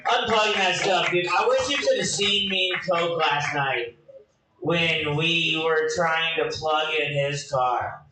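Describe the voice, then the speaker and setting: Club host guy rambling loose, highish voice, far from the mic, echoey. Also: slow, heavy background noise. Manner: relaxed, rambling storytelling. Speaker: comedy show host. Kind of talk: casual emcee banter.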